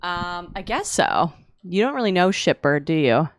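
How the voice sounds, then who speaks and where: A woman's voice: fairly low pitch, big pitch swings, normal speed, no echo, clean studio sound. A woman in a casual chat, asking prodding questions and reacting easily. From Canada. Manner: chatty, asks prodding questions, gasps easily.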